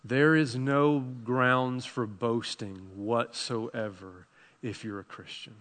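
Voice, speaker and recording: A man preaching a sermon as pastor, impassioned and pleading, swinging between hushed and loud passages. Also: medium pitch, fairly even intonation, slow pace. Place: church sanctuary. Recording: long hall reverb.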